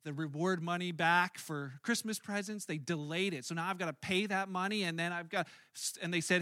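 A man preaching a sermon as a pastor, conversational and animated, acting out his own angry outbursts in stories. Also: high-pitched, brisk, hardly any pauses, no room sound, clean studio sound.

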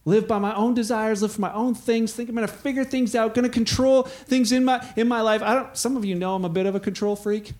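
A middle-aged man preaching a sermon, telling a story with animated, acted-out quotes. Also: sits high, fairly quick, hardly any pauses. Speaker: pastor.

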